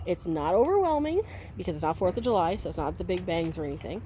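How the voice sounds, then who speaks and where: A woman dog breeder casually talking outdoors in a backyard, slipping into squeaky sing-song baby talk for her puppies. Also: big pitch swings, quick pace, warm tone. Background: faint outdoor noise with distant fireworks.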